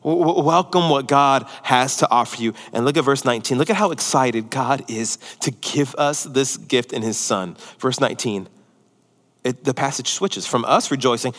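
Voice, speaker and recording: A pastor preaching a sermon, a man who swings between loud, excited emphasis and hushed, near-whispered lines. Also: mid-range voice, in a large hall.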